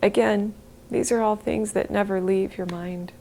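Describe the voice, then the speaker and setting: A middle-aged woman giving an emotional interview, halting and breaking off, sometimes dropping to a whisper. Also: medium pitch, steady tone, gravelly, warm tone, a little hiss or hum. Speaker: interviewee, bereaved mother.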